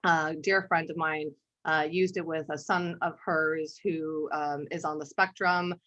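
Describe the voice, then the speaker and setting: A woman art therapist presents a workshop over a video call, shifting easily between teaching and telling a personal story. Her voice sits a little low, and she often clears her throat between phrases. The audio is dull and lo-fi, like a live-streamed webinar. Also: fairly even intonation, unhurried, a bit bright. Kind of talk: conversational webinar talk with storytelling.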